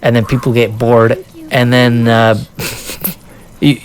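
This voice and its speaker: A man vlogger telling a casual story in an animated way, often laughing and acting out what people said. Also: mid-range voice, slow pace, clean tone. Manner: restarts and fillers, says dude.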